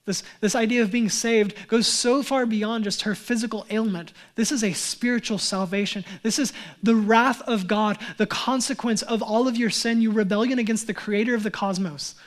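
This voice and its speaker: A male pastor preaching a sermon in an earnest way, rising to loud emphatic runs and dropping to soft low lines, often restarting and repeating words. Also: steady tone, moderate pace, few pauses.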